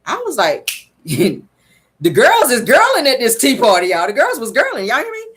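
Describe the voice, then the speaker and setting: Sassy female host, gossipy recap delivery, very lively pitch. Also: moderate pace, slightly rough. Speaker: reality show reviewer. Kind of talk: casual recap commentary.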